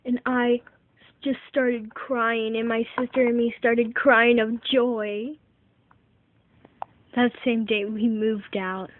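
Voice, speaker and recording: Earnest first-person woman narrator, very slow delivery, faint hiss in the recording. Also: fairly high pitch, narrow, tinny audio. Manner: earnest, slow, heartfelt telling. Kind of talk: first-person storytelling for a home-made toy film.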